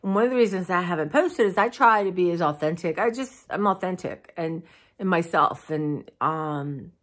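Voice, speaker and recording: A woman with a drawl speaks in a low, weary voice, close to her camera. She rambles warmly with plenty of "um"s and "you know"s, sounding worn down by allergies and fatigue. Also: expressive, moderate pace. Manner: tired, heartfelt, rambling with many fillers. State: tired, allergies, clearing throat. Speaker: vlogger. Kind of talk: casual personal vlog. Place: dim room at home.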